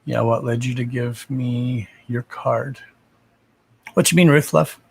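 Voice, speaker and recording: A man's voice: medium pitch, steady tone, slow, gravelly, a little hiss or hum. Chatty, foul-mouthed male livestream host. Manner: chatty, profane, laughs easily, talks to viewers by name. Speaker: psychic reader hosting a livestream. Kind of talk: casual livestream chat with viewers.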